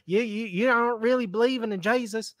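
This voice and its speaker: A man's voice: very high-pitched, fairly quick, fairly bright tone, dry recording, clean studio sound, voice pushed up. A man putting on a folksy preacher voice who scolds a listener for not having enough faith and calls him brother. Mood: scolding. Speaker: mock preacher "Pastor Bob".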